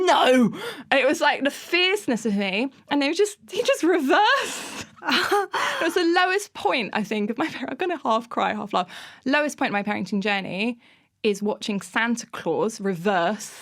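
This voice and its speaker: Animated woman telling stories. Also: fairly high pitch. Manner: animated, laughing, self-mocking anecdotes. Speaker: podcast guest, author. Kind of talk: casual interview storytelling.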